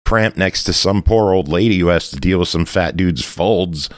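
Deep-voiced easygoing man. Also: normal speed, no room sound, studio quality. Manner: laid-back, hesitant restarts, laughs often. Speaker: podcast co-host. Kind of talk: casual chat.

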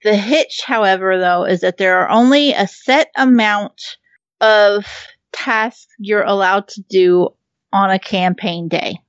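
A chatty woman with a middle-pitched voice slowly talks about a game she loves, laughing often, swearing casually and saying "um" a lot. It's casual chat, and the recording sounds dull, muffled and dry with no room echo.

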